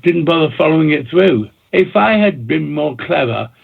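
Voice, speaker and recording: Speaking at a normal speed with lively intonation, a man whose voice is on the high side and gravelly and husky tells long, rambling stories as an interview guest. He's a record producer and DJ who talks in bursts, repeats himself, and restarts often. The audio is tinny, like a phone line.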